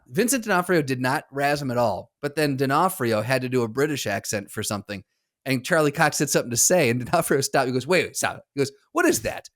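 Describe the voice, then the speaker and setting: Casual male co-host telling a story at a middle pitch, loose and chatty. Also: expressive, fast talker, fairly bright tone, dry recording, studio quality. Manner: storytelling, rambling with fillers and laughs. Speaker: podcast co-host. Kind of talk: casual chat.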